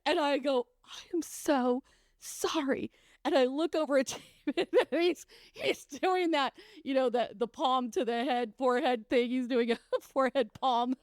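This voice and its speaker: A woman's voice: fairly high pitch, animated, normal speed, darkish tone, no echo, studio quality. A middle-aged woman co-hosting a show, telling funny stories in a casual chat, laughing often and acting out voices. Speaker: co-host, biblical coach.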